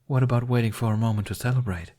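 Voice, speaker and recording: A man's voice: medium pitch, quick pace, mellow, lightly acted. A man reading the lines of a playful, earnest young man with a bashful, teasing tone. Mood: gentle.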